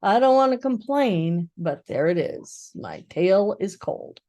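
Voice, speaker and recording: A woman doing slow, grumbling old donkey. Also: medium pitch, animated, warm tone. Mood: gloomy.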